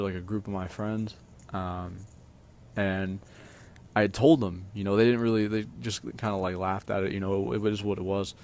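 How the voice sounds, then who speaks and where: A young man telling personal stories casually, halting with many fillers and restarts. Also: lowish voice, a little hiss or hum. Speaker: streamer.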